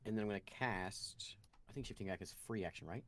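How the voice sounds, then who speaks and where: Low-voiced guy playing a druid, lots of ums, figuring out his turn out loud. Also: quick pace. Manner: hesitant, thinks aloud with ums and restarts. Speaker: player, druid. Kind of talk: casual tabletop game play.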